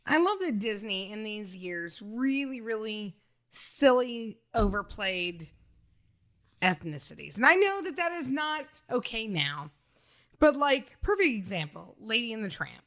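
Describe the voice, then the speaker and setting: Woman, high voice, animated pitch, podcast panelist, laughing, profane. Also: a little slow. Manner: animated, laughs often, swears casually. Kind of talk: casual movie-review chat.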